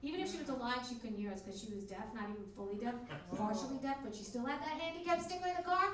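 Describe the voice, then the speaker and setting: A woman's voice: high voice, expressive, racing, few pauses. A woman doing a stand-up comedy set as host on a club stage, with crude punchlines and chatty asides to the crowd. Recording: echoey club from a distance with crowd noise.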